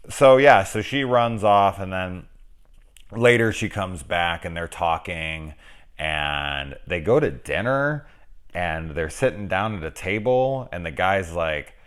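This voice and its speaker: A man's voice: a bass voice, gravelly, a bit bright. A man reviewing a film in casual, rambling, joking chat, swearing freely. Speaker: movie reviewer.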